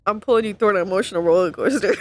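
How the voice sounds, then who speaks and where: A woman's voice: medium pitch, fast talker, dry recording. A young woman streaming casual commentary as she watches a role-play, laughing often and mocking herself.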